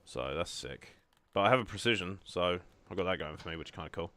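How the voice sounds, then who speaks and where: Low-voiced dude chatting through a game, rambly and self-deprecating. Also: male voice, animated, quick pace, bright, forceful tone, dry recording. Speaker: gaming channel host. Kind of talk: casual gameplay chat.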